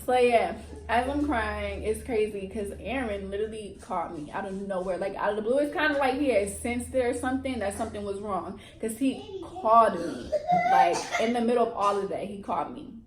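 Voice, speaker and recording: A woman's voice: medium pitch, animated, brisk, roomy sound. A young woman vlogger, telling a dramatic storytime and acting out what people said. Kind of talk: storytime vlog.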